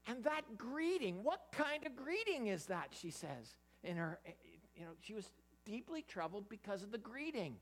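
A preacher giving an interactive Bible sermon, animated, often stammering and restarting while putting questions to the listeners. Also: medium pitch, moderate pace. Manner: animated, quizzes the audience.

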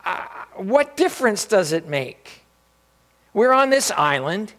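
A man voicing a panicking shipwrecked man who yells and repeats himself in alarm. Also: high-pitched, sing-song, takes it slowly, voice pushed up, exaggerated voice. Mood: exasperated.

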